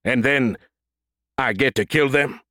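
A cocky, wisecracking male battle android, eager for a fight and full of jokes, played by a male narrator. His voice sits at an ordinary middle pitch, dry and close in an audiobook reading. He stammers now and then over his lines. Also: unhurried, pushed and bright, no echo. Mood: cocky, joking. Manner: cocky, joking banter with stammered "R-, Roger".

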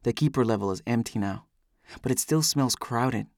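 A man's voice: medium pitch, moderate pace, dry recording, clean studio sound. A man giving an intense, brooding first-person audiobook narration.

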